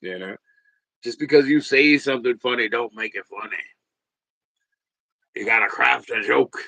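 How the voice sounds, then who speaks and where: A man in his forties hosting a livestream, rambling and swearing, jumping from loud bursts to mutters. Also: medium pitch, moderate pace, gravelly, no room sound, low-quality recording. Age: 40s. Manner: rambling, profane, swings between loud and muttered. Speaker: livestream host. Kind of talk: casual livestream rant.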